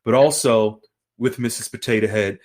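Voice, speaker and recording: Casting note: man, mid-pitched host, encouraging, introduces guests. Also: moderate pace, a little mellow. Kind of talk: casual chat.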